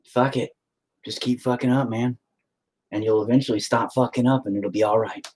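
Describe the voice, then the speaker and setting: A man's voice: mid-range voice, steady tone, moderate pace, darkish tone, a little hiss or hum. A man hosting a painting livestream from home, talking in a rambling, sarcastic, self-mocking way with plenty of swearing. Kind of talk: casual chat while painting.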